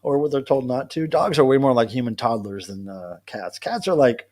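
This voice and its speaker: A man hosts a relaxed live stream from his home, talking to viewers in a loose, rambling way. His voice sits at an ordinary, middle pitch, and he drifts from one thought to the next with plenty of fillers. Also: moderate pace. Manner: chatty and rambling, answering viewers' comments. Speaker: livestream host. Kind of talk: casual live-stream chat.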